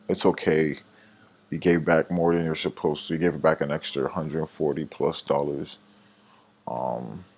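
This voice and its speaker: A deep-voiced man walks through his day trades in a casual, rambling vlog. He second-guesses himself, restarts his sentences and fills the gaps with ums. The audio is dull and lo-fi. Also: darkish tone. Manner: rambling and self-critical, with many fillers and restarts. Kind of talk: casual trading recap vlog.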